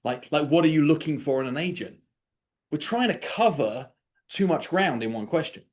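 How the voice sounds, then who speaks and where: A man coaching real estate agents on an online call, lively, acting out sample conversations in quoted voices. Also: on the high side, normal speed. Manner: animated, acts out sample dialogues. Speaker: sales coach. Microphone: video call.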